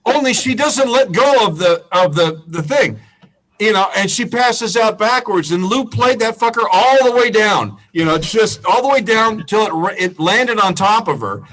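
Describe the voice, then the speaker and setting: A man, a musician, telling a profane, animated road story in casual chat, laughing and mimicking the people in it. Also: high voice, normal speed, distant mic, low-quality recording. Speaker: musician guest.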